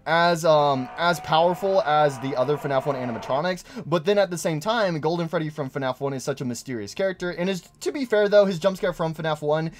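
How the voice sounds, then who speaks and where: A man giving excitable gameplay commentary on his channel, gushing over details on screen. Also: fairly high pitch, a little fast, few pauses. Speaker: gaming YouTuber.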